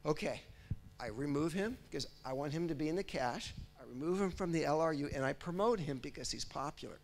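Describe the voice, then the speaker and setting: This is a man lecturing at a technical conference, with a voice sitting somewhat high for a man. He casts himself as the software doing the work and talks the audience through each step. His tone stays chatty and animated throughout. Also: a little fast. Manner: lively, speaks as if he were the process, often checks in with "right?" and "okay?". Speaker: technical presenter.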